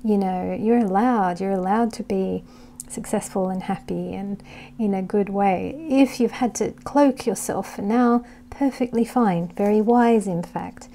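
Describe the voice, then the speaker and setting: A woman doing a tarot reading to camera, talking gently and reassuringly, thinking aloud with halting restarts and sometimes dropping to a soft whisper. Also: medium pitch, a little hiss or hum. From United Kingdom. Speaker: tarot reader.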